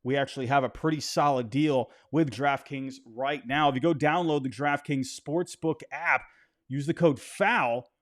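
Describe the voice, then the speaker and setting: A man's voice: mid-range voice, normal speed. Chatty man recapping a ball game. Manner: chatty, loose, frequent fillers and restarts. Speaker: baseball recap host. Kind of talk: casual game recap and betting pitch.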